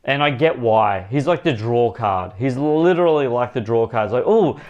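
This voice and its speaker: Man, movie reviewer, casual vlog talk, rambling, emphatic, mid-pitched voice, repeats himself, speaks to viewers directly. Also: expressive, normal speed, a little mellow, muffled recording. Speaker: movie reviewer and channel host.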